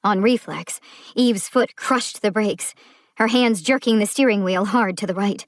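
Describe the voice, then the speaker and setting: A woman reads a suspense audiobook at an unhurried, deliberate pace, letting each phrase land. Her pitch is moderate and even. The recording is close and dry with no room sound. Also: no echo. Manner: slow, measured storytelling. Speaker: audiobook narrator. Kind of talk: scripted audiobook narration.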